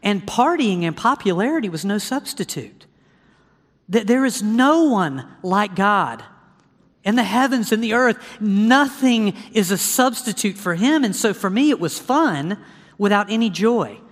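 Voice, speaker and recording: Man, preacher, sermon testimony, animated storytelling, high voice, long hall reverb. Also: measured pace. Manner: animated storytelling, addresses audience directly.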